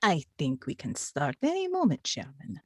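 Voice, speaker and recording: Una mujer interpreta a una secretaria de consejo parroquial, educada y firme, con un acento ruso exagerado a propósito. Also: female voice, sits low, wildly swooping pitch, moderate pace, husky, no room sound, clean studio sound, full character voice. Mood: calm procedural. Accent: deliberately bad Russian accent. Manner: polite, procedural, firm. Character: prim female parish clerk, calm and unyielding. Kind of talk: comic re-enactment.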